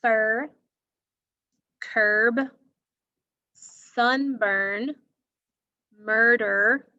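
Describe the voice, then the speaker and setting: Woman teacher, phonics lesson, slow and patient delivery, fairly high voice, dull lo-fi sound. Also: pushed and bright. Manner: slow, patient, asks the class questions.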